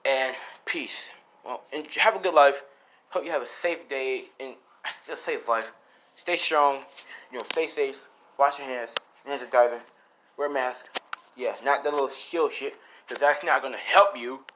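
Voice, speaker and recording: A man's voice: medium pitch, unhurried, a bit bright. A man improvising a fan story as a casual channel host, rambling and swearing freely. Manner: rambling, profane, slangy.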